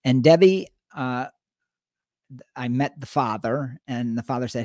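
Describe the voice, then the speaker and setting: A middle-aged man co-hosting a podcast, talking casually and retelling conversations in an animated way. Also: medium pitch, moderate pace, no room sound, studio quality. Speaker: podcast co-host.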